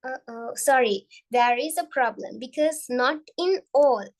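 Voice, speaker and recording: A woman's voice: high-pitched, a little slow, poor audio. A young woman giving a biology revision lesson, often repeating and restarting her phrases. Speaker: biology tutor.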